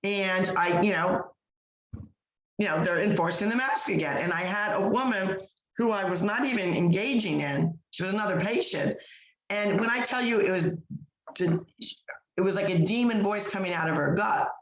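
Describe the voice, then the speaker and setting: A woman's voice: medium pitch, moderate pace, highs cut off. A woman co-hosting a podcast, telling a story in casual chat with emphatic delivery, full of fillers and restarts. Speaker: podcast co-host. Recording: echoey room.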